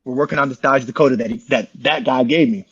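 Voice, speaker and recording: A man's voice: mid-range voice, fast, breathy edge, dull audio. A man as an interview guest, telling his story in a rambling, slangy, casual way and calling listeners bro. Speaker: interview guest, online community founder.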